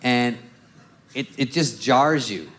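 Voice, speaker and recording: A man's voice: medium pitch, takes it slowly. A man doing a stand-up routine, acting out the people in his stories. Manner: animated, acts out characters, laughing. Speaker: stand-up comedian. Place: comedy club stage. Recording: loud crowd and noise of a live club.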